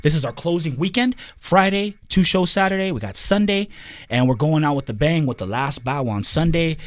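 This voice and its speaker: A man guest on a radio show in a studio, excited and full of hip-hop slang, laughing often as he talks. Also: a little high, moderate pace, dry recording. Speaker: musical co-creator, guest. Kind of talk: animated interview chat.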